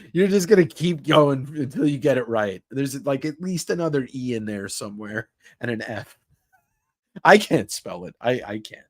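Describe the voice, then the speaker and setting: A man's voice: mid-range voice, no room sound, clean studio sound. A man hosting a casual live stream, chatting with his viewers, reacting to their comments, laughing and swearing freely. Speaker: livestream host.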